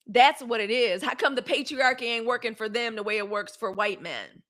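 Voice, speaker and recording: Fiery, bright-voiced woman host. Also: on the high side, normal speed. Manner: fiery and emphatic, with repeated phrases and AAVE slang. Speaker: host of a live news commentary show. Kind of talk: impassioned livestream commentary.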